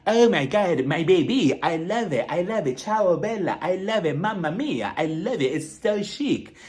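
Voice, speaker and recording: A man's voice: very high-pitched, sing-song, brisk, voice pushed up. A man voicing a glamorous woman who gushes in a fake continental accent. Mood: gushing. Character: gushing glamorous woman with a put-on Italian-ish accent.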